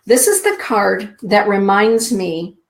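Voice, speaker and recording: A middle-aged woman hosting a spiritual show, giving card readings to listeners in a soft, slow, drawn-out inspirational way. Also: mid-range voice, creaky. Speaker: show host and card reader.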